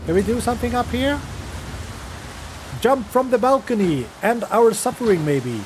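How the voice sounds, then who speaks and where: Here the young man's voice is very high, with lively intonation and normal speed, and there's slight background noise. A non-native English speaker running a gaming channel, he swears, cracks jokes and talks to the characters while casually commentating a horror game.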